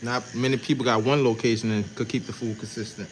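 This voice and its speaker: Man, New Orleans accent, tattoo artist, laid-back slangy livestream chat, middle pitch, faint shop ambience. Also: steady tone, fast talker, a little hiss or hum, low-quality recording. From New Orleans, Louisiana.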